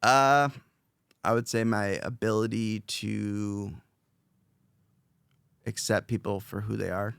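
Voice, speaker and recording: A man's voice: on the low side, steady tone, slow pace, creaky, pauses often, a bit bright, clear, resonant tone, no echo. A young man hosting a podcast, talking casually in a rambling, self-reflective way with many fillers and restarts. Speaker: podcast host, interviewed as guest.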